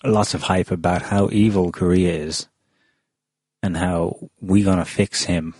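A man's voice: low-pitched, steady tone, a little slow, darkish tone, husky, no echo. A man hosting a casual panel discussion, chatty with frequent ums and restarts. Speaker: podcast host.

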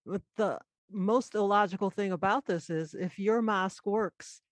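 A woman's voice: mid-range voice, a little slow, no room sound. A woman in a casual panel discussion, making pointed, argumentative remarks.

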